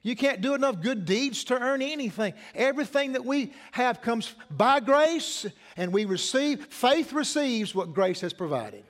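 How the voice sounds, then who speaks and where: A man's voice: very high-pitched, lively intonation, unhurried, few pauses, a bit bright. A middle-aged man preaching a sermon as pastor, conversational, repeating phrases and asking the congregation questions.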